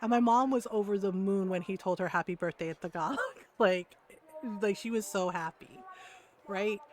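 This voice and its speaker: Animated woman telling a story. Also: medium pitch, normal speed. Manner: animated storyteller, keeps asking "right?"; laughs often while telling. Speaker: streamer. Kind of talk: casual storytelling chat.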